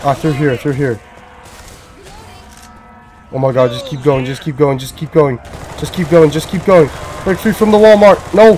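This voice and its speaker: A man commenting on his own gameplay in a loud, frantic, swear-filled rush, his voice sitting a bit higher than most men's. He repeats himself when panicked. There is a faint hiss of background noise under his headset mic. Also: normal speed, long pauses. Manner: excitable, swearing, frantic repetition. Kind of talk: casual gaming commentary.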